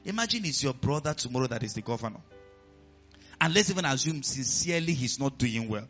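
Nigerian pastor guy preaching, bright high voice, dull lo-fi sound w faint music behind. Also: brisk. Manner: animated preaching with questions to the congregation. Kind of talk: sermon.

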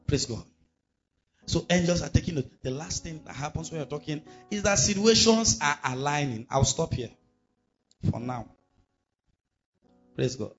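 A man's voice: medium pitch, dull audio. A male pastor, preaching a sermon emphatically and asking the congregation rhetorical questions.

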